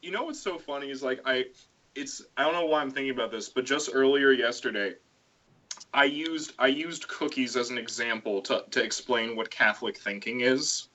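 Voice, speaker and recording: A man hosting a casual chat, an animated storyteller who swings into high put-on voices for quotes. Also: normal speed, rough recording. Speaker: stream host.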